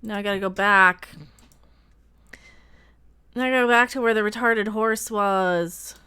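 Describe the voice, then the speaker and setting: A woman hosting a casual live reaction stream, sarcastic, laughing often and bursting into loud exclamations. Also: mid-range voice, steady tone, a little slow, clean tone. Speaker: livestream host reacting to a trailer.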